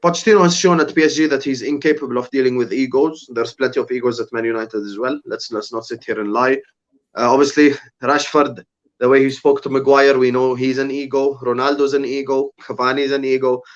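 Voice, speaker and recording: A man's voice: mid-range voice, steady tone, a little fast, muffled recording. A young man on a podcast, ranting heatedly about football and swearing often. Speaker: podcast guest, rival fan. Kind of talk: casual podcast chat.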